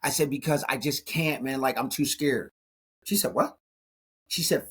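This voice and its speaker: A man in his forties, appearing as a guest in an interview, recounts his life story with animation and acts out the dialogue. His mid-range voice is slightly rough and moves at a moderate pace.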